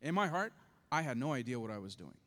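A man's voice: mid-range voice, sing-song, fast, a bit bright, big-room sound. A man preaching as pastor, telling a story with passion and acting out the voices in it.

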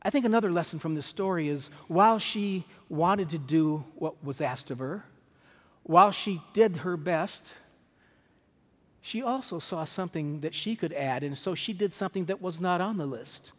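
Earnest male preacher in a reverberant hall. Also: on the high side. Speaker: pastor. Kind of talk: sermon with a storybook reading.

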